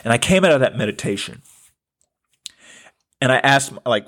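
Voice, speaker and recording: His voice is mid-range, expressive and fairly bright, at a moderate pace. The thirty-something host of a spiritual self-help podcast sounds earnest and laid-back, leaning on casual slang and repetition for emphasis.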